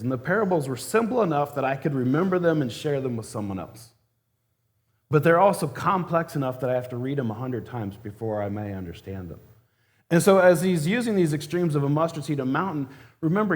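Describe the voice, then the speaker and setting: A man's voice: mid-range voice, a little mellow. Conversational male church elder preaching. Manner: conversational and humorous, acts out scenes. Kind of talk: sermon.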